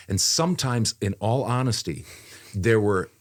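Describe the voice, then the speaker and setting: A man with a notably low, deep voice chats on a podcast about his voiceover work. He speaks conversationally and repeats phrases as he goes. Fillers come up often. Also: animated, moderate pace. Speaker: voiceover artist. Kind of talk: casual podcast chat.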